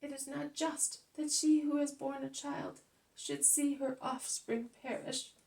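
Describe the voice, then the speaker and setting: A woman voicing a grief-stricken widowed mother who cries out high and loud. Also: level tone, measured pace, gravelly, reverberant, recorded from a distance, low-quality recording. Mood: anguished.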